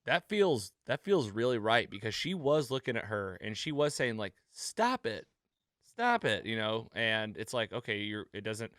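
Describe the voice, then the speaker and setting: A man hosting a casual recap chat, retelling scenes with animated quotes. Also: lowish voice, normal speed, few pauses, dry recording, clean studio sound. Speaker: podcast host.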